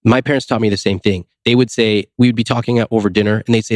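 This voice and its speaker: Guy from the us, lowish voice, chatty podcast guest acting out little dialogues, dry close mic. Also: fast, no echo. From United States. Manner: lively, acts out quoted dialogue, rhetorical questions. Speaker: podcast guest, finance author. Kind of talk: casual interview storytelling.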